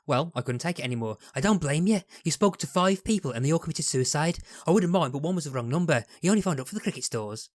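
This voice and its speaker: A man's voice: fairly high pitch, animated, quick pace, hardly any pauses, dry recording, clean studio sound, voice pushed up, close to an everyday voice. A man doing a jokey attempted Liverpool-accent impression of a laid-back young spaceman, Lister. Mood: teasing. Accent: attempted Liverpool (Scouse). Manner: mocking, jokey delivery.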